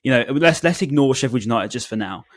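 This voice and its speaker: A man's voice: mid-range voice, animated, quick pace, no room sound, clean studio sound. A young man co-hosting a casual football podcast, chatty with many "like" fillers. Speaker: podcast co-host.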